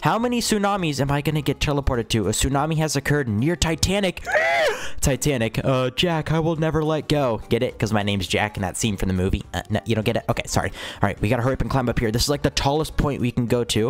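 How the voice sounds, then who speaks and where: A young man hosting a gaming video, giving excited let's-play commentary and repeating himself as he gasps and yelps. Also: mid-range voice. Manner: hyped, repeats phrases, frequent gasps and yelps.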